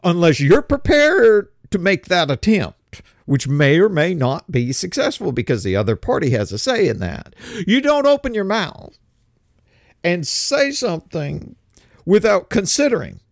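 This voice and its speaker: A man from America talks through a casual commentary, often stumbling and repeating words before pushing on. His delivery swings up and down in pitch with a gravelly rasp. The sound is dry and close, with no room echo. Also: very animated. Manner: halting, repeats words, restarts phrases. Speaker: political commentator.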